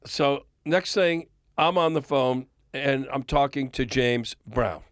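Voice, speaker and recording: A man's voice: mid-range voice, takes it slowly, no room sound, studio quality. An older man, a record executive, telling a long anecdote as a guest in a podcast interview and chuckling often. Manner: animated storyteller, chuckles often.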